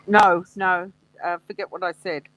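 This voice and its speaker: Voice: mid-range voice, moderate pace, a little hiss or hum, low-quality recording. A guest in a casual live discussion, reacting with frequent laughs. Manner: laughs often, lively reactions.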